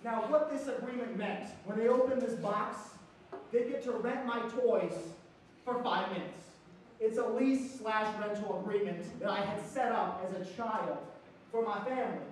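A man performs a stand-up comedy set, telling brash stories and acting out loud quoted lines. His voice carries a heavy room echo. The mic sits some distance away, with a faint ambience of the room underneath. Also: sits high, moderate pace, slight background noise. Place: comedy stage.

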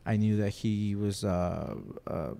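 A man's voice: lowish voice, slow, vocal fry, dark tone, clear, resonant tone. A man, a guest on a podcast, telling rambling, joking stories in casual chat with lots of fillers and restarts. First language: Spanish. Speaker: podcast guest, rock photographer and interviewer.

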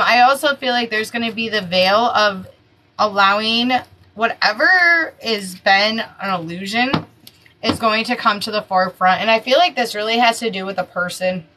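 A woman in her thirties giving a casual weekly tarot horoscope reading, animated and breathless, swearing freely. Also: mid-range voice, background noise. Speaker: tarot reader.

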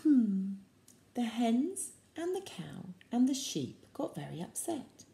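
A woman reading a picture book aloud to young children, expressive and slow, slipping into soft whispers for asides. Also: a little high, creaky, slight background noise. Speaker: storyteller for children. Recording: echoey room.

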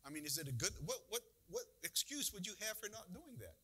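Bright-voiced male pastor preaching. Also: high-pitched, very animated, quick pace, breathy edge. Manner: conversational preaching with rhetorical questions. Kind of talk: sermon. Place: church.

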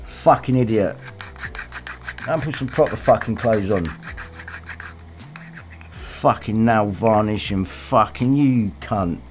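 A man's voice: on the low side, takes it slowly, long pauses, a little mellow, soft background music. A man hosting a livestream, ranting angrily in a profane, abusive way. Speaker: livestream host. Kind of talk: casual rant.

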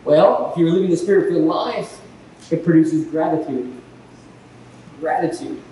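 Male pastor, high voice, animated sermon storyteller; echoey church hall from a distance, faint noise. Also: moderate pace. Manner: animated storytelling, acting out quoted exchanges.

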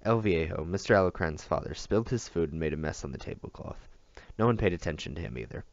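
A man reading a novel aloud as an audiobook reader, in steady, unhurried storytelling. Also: low-pitched, vocal fry, no room sound, muffled recording.

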